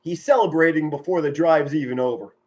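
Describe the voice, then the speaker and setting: Man, middle-aged, high-pitched, amateur football play-by-play, excitable, yells big plays, chatty with viewers. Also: fairly quick, lo-fi sound. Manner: enthusiastic, yells touchdown calls, chatty and sentimental with viewers. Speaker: amateur play-by-play commentator streaming live. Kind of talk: excited live football commentary and chat with viewers.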